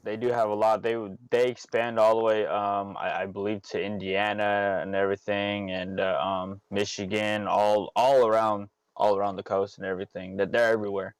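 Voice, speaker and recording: Smooth, flat-voiced man, dry sound. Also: lowish voice, moderate pace, few pauses, no room sound. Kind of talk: casual panel chat.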